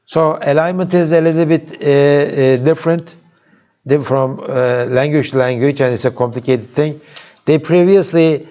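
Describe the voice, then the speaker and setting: Recorded live in a lecture hall, this classroom lecture features a Turkish-accented man whose voice is mid-range and darkish in tone. He teaches informally, frequently starting sentences over and turning to students with asides.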